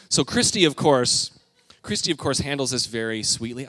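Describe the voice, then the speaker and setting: A middle-aged man delivers a sermon in a church, moving between homey family anecdotes and scripture. He acts out quotes with animated shifts in voice. The sound is dry, with little room echo. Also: medium pitch, a little fast. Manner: storytelling, animated, acting out quotes. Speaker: pastor.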